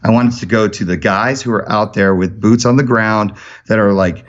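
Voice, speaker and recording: A man guesting on a podcast, telling stories in an energetic, animated way. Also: lowish voice, dull audio. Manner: energetic storyteller, rapid and animated. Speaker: podcast guest, charity founder. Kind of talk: casual podcast conversation.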